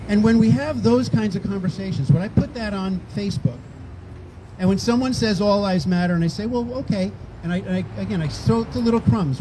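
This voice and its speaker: A man's voice: high-pitched, a little fast, noisy background. An older man, a rally organizer, speaking conversationally to a crowd outdoors and acting out quoted exchanges. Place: outdoors on a town green.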